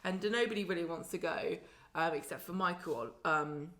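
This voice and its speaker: A woman in casual chat, recapping a soap and acting out characters' lines in quick voices. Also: fairly low pitch, fairly bright tone. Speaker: podcast co-host.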